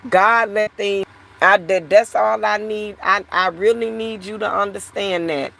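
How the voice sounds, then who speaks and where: A woman's voice: medium pitch, fairly even intonation, a little slow, creaky, sharp tone. A woman vlogger talking to her viewers in a casual, frustrated, repetitive way. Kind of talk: casual talk to camera.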